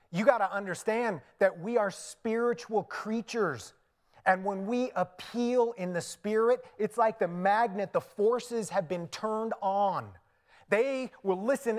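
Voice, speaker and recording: A middle-aged man with an Indian accent, a pastor preaching a sermon in a church in a conversational, storytelling way, often laughing at his own asides. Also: high-pitched. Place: church sanctuary.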